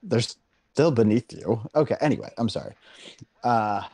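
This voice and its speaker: An easygoing man hosting a comedy podcast, playing along with the bits. His voice is mellow and relaxed, recorded close and dry. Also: medium pitch, moderate pace, no room sound. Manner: easygoing, often laughing. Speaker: podcast host. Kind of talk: casual comedy chat.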